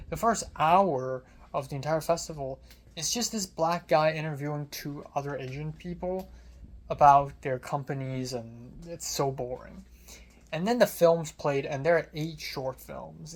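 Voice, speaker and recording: A young adult with an American accent tells a rambling, sardonic story in a casual vlog, full of quick asides. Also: medium pitch. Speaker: vlogger.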